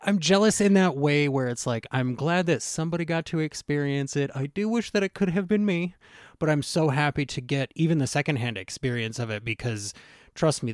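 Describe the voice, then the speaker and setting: Un hombre que presenta un pódcast, habla con entusiasmo y se dirige directamente a los oyentes. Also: male voice, mid-range voice, no echo, clean studio sound. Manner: enthusiastic, talks to listeners directly. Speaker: podcast host. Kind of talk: casual podcast chat.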